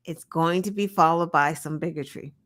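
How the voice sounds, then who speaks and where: Woman cohost on a podcast, lively, talks fast and loose, swears a bit. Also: deep voice. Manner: animated, lively storytelling with laughs and swearing. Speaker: podcast co-host. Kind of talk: casual chat.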